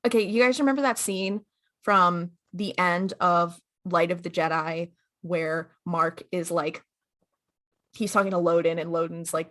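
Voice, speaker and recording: A woman's voice: on the low side, fairly even intonation, moderate pace, fairly bright tone. A young woman co-hosting a podcast in casual chat, chatty with many fillers and acted-out quotes. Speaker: podcast co-host.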